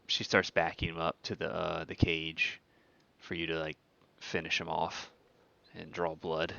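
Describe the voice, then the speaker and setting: A man's voice: deep voice, gravelly, sharp tone, muffled recording. A man narrating as game master in a tabletop game, in loose narration full of fillers.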